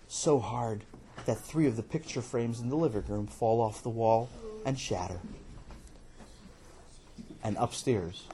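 A man telling a children's story in an animated, playful way, with casual asides. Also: medium pitch, measured pace, long pauses, slightly rough.

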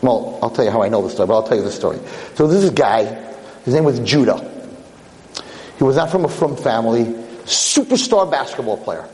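A man preaching a story in an animated way, circling back over his phrases. He talks fast at a middling pitch, and a long reverb rings through the hall. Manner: animated, repetitive. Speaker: lecturer. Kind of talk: storytelling sermon.

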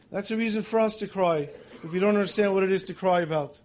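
A man's voice: sits high, fast talker, hardly any pauses, a little mellow. A man giving a sermon, telling stories in an earnest way that builds emotion. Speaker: religious teacher.

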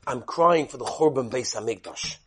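A man's voice: mid-range voice, expressive, moderate pace, a crowd in the background, voice pushed down, natural voice. A man voicing a saintly male rabbi solemnly explaining why he weeps. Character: saintly old rabbi, grave and earnest.

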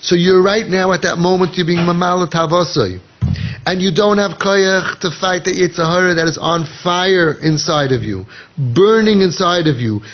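Male rabbi, lively lecturer, raspy tone, dull low-fi recording. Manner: animated, acts out inner voices and dialogue; mixes Hebrew and Yiddish phrases into English. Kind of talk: Torah lecture. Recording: dull lo-fi podcast audio.

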